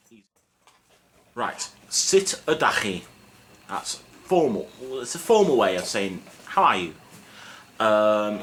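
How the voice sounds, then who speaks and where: A young man teaching a casual video lesson in a relaxed, self-mocking, chatty way with lots of fillers. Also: fairly low pitch. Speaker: Welsh language teacher. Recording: faint background noise.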